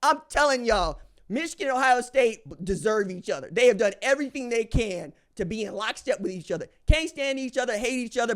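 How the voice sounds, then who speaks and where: A man with a high-pitched speaking voice delivers opinionated sports commentary as a podcast host. He talks in a slangy, emphatic way and hammers his points by repeating phrases. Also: a bit bright.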